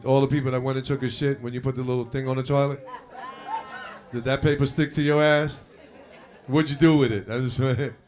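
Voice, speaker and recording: A man emceeing a comedy show, working the crowd with hype and banter. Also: medium pitch. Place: comedy club with live audience.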